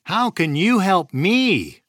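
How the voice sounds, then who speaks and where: A man voicing a boastful little gingerbread man cookie in a high, taunting sing-song for a storybook. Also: sing-song, takes it slowly, a bit bright, no echo, clean studio sound, heavily acted. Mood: curious.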